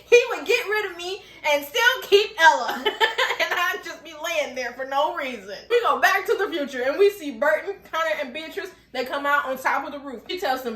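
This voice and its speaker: A woman hosting a casual, animated TV episode recap. She chats, laughs often and keeps asking rhetorical questions. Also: sits high, a little fast. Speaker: TV recap host. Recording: echoey room.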